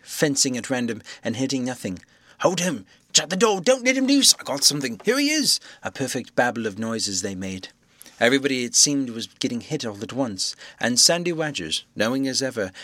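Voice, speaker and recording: A man's voice: mid-range voice, dry recording. Man narrating an audiobook, dry and close. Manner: lively, raises his voice for shouted dialogue. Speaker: audiobook reader.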